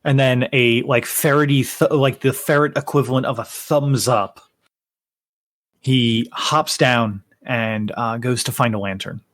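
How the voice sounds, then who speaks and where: Slow, unhurried male game master. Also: mid-range voice, fairly even intonation, a bit bright, no echo, clean studio sound. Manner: unhurried, with frequent fillers and self-corrections. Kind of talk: narrating a tabletop game.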